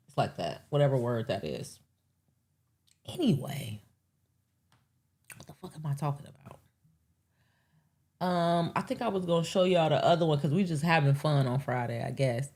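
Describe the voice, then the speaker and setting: Woman, live show host, low voice, lively swings in pitch, rambling profane chat. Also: moderate pace, long pauses. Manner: rambling, profane, animated asides with acted quotes. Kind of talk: casual live-stream monologue.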